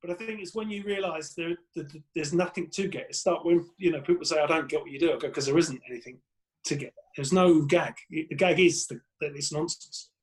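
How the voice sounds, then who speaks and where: A man's voice: fairly high pitch, a little fast, poor audio. A man, a comedian guest on a podcast, telling rambling anecdotes in casual chat with plenty of swearing.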